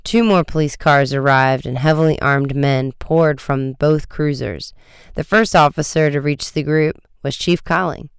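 An audiobook narrator with a very smooth, resonant voice telling an adventure story at a brisk clip. The recording is close and dry, with no room sound around it. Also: mid-range voice, fairly even intonation, no room sound. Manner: brisk, vivid storytelling with raised shouts for dialogue.

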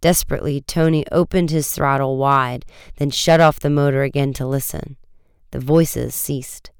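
A man narrating a storybook chapter in a steady, measured reading. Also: medium pitch, vocal fry, smooth, no echo, clean studio sound. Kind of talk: audiobook reading.

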